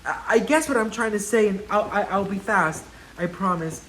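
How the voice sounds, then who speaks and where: A man's voice: sits high, normal speed, fairly bright tone, slight background noise, rough recording. A man playing a heartbroken woman star pleading with her ex in a melodramatic, breathless way.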